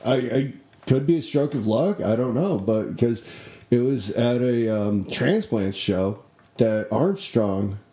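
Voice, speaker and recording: A man co-hosting a casual music podcast with a relaxed, laid-back delivery. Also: medium pitch, slow. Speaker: podcast co-host. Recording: echoey room.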